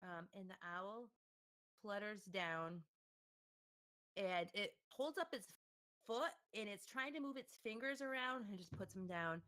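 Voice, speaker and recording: Woman, game master, playful narration, animal noises, animated delivery. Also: medium pitch, measured pace.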